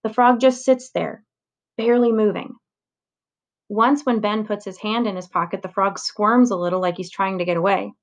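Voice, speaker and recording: A woman reading a children's chapter book aloud in a clear, steady storytelling voice. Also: medium pitch, normal speed. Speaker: reader.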